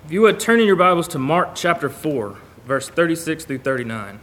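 Man preaching in a slightly high voice. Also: very animated, fairly quick, a bit bright. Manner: conversational, reads scripture aloud. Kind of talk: sermon to a congregation. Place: church.

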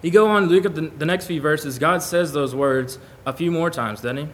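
A man's voice: a little high, normal speed. A man preaching a sermon in church, talking casually with the congregation and reading scripture aloud. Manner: conversational, reads scripture aloud.

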